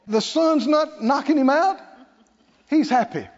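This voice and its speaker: A man preaching a sermon, lively and playful, acting out scripture scenes with laughter. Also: extremely high pitch, a little slow. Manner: animated, acts out Bible figures with laughter. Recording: lo-fi recording in a reverberant hall.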